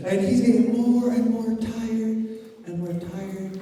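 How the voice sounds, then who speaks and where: A man teaching storytelling to a live group, playful and animated, constantly shifting his voice from loud to hushed. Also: very high voice, moderate pace. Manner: animated, playful, lots of voice changes. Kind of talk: workshop talk with acted storytelling. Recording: echoey hall from far off.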